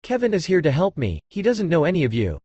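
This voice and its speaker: A man's voice: on the high side, wildly swooping pitch, quick pace, dark tone, breathy edge, no room sound, lo-fi sound, full character voice. A man voicing a snobbish, greedy older woman who speaks arrogantly and scornfully, in an audiobook.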